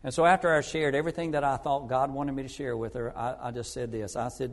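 A man preaching a sermon as an evangelist, telling stories earnestly and moving between loud emphasis and hushed asides. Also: mid-range voice, steady tone, fast, hardly any pauses. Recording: long reverb of a large hall.

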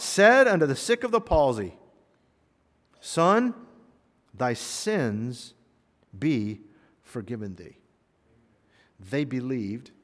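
Animated preaching man in a reverberant hall. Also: a little high. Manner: animated, acts out voices in quotes. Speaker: pastor. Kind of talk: sermon.

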